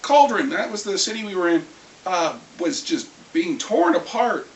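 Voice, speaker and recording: A vlogger getting over a cold, clearing the throat, telling a rambling, lively story about a tabletop game in a casual rant. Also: mid-range voice, moderate pace. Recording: echoey room, far from mic, faint hiss.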